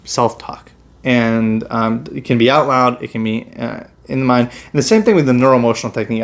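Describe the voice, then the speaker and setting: A man, a chiropractor, explaining meditation and breathing techniques in a relaxed, casual way, with many fillers and restarts. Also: medium pitch. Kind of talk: casual health instruction.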